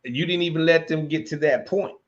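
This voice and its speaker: A man's voice: a little high, fairly quick. A man co-hosting a commentary show, talking through a police video in a loose, rambling way. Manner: rambling, many restarts and fillers. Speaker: show co-host. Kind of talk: casual commentary chat. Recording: dull lo-fi sound.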